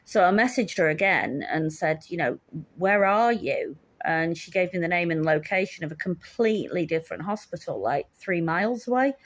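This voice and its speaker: A woman's voice: fairly low pitch, lively intonation, a little fast, hardly any pauses. A woman in her fifties telling a stressful story in a casual, candid way, with dry humour, acting out each exchange as she goes. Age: 50s. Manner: candid, wry, acts out the dialogue. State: shaken, stressed. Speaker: vlogger.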